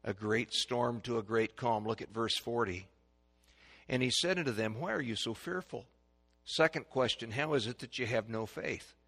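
A man preaching a sermon to a congregation, swinging between loud proclaiming and hushed, dramatic quiet. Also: medium pitch, moderate pace.

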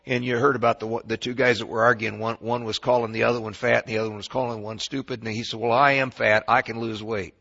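A man preaching a sermon in a folksy storytelling way, swinging between quiet asides and loud bursts. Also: mid-range voice, level tone, fast, vocal fry, lo-fi sound.

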